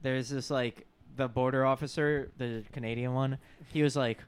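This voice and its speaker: A young man in casual chat, telling trip stories in a halting way. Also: mid-range voice, steady tone, smooth.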